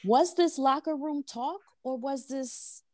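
A woman co-hosting a casual podcast discussion from her workplace, talking in an animated, slangy way full of rhetorical questions. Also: high voice, slow, no echo. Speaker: podcast co-host.

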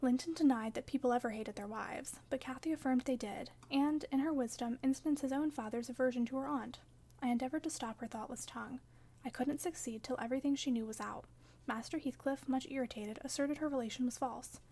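A woman narrating a classic novel as an audiobook, in measured, even storytelling. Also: high-pitched.

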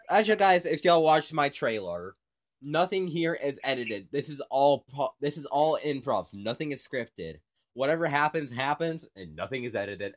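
A young man hosting a casual, improvised podcast, rambling and joking with lots of giggles. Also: medium pitch. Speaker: podcast host.

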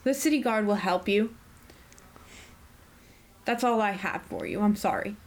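A woman's voice: mid-range voice, unhurried, lightly acted. A woman voicing a nervous young female student in a tabletop game, evasive and flustered. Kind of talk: tabletop role-play.

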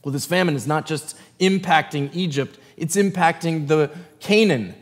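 A male pastor reads scripture in a sermon, stopping now and then for a short aside to the congregation. His voice sits a little higher than most men's. The church room adds a long, ringing reverb behind him. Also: moderate pace.

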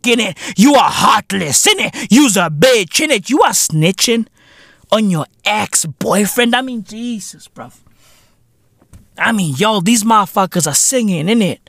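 A man hosting a podcast, delivering a profane comedic rant full of street slang and sudden shouted bursts. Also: sits high, vocal fry, no echo, clean studio sound. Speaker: podcast host.

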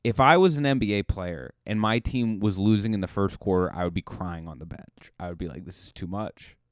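Male podcast host, comic rambling monologue, clear low voice, dry close recording. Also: lively intonation, a little fast, dry recording. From Cape Cod, Massachusetts. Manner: joking, rambling, self-deprecating. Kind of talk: comedic monologue.

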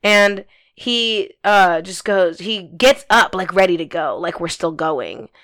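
A woman's voice: lowish voice, expressive, slow, fairly bright tone. A young woman telling a story in casual podcast chat, blunt and swearing freely, with many fillers.

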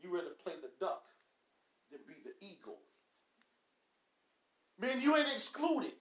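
High lively guy scolding ppl on his podcast, blunt and mocking. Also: measured pace. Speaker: podcast host. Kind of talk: preachy motivational rant. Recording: echoey room.

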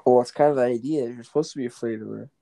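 A man's voice: mid-range voice, very fast, vocal fry, mellow, no room sound, rough recording. A man in casual chat, talking bluntly and crudely, swearing freely and correcting others drily. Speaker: stage actor guest.

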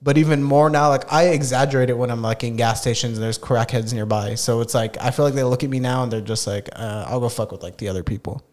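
A young man on a podcast, talking fast and loose in a mid-pitched voice. He swears a lot, keeps saying dude and laughs easily between thoughts. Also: steady tone, a little mellow. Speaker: podcast co-host. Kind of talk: casual chat.

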